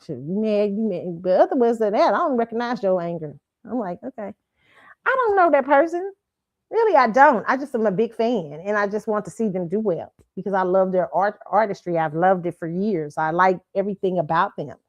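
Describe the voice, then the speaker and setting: Through a muffled streaming setup mic, a woman with a mid-range voice speaks briskly and with animation as the host of her pop-culture commentary stream. She swears freely, talks bluntly, laughs often, and keeps saying "okay?"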